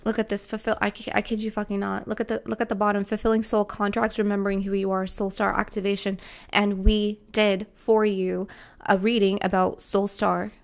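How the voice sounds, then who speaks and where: A woman's voice: mid-range voice, level tone, brisk, vocal fry. A woman giving a spiritual tarot reading to camera, emotional and tearful, repeating her phrases and swearing casually. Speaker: tarot reader.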